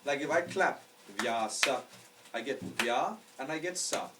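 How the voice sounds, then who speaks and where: A man's medium-pitched, somewhat slow voice leads an astrology lecture. He explains patiently and checks often that the class keeps up, heard through a distant mic with faint background noise.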